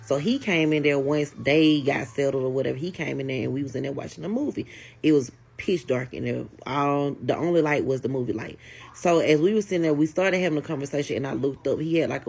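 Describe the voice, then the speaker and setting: A woman telling a casual storytime, animated and talking straight to her viewers. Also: very deep voice, a little fast, vocal fry, slightly rough.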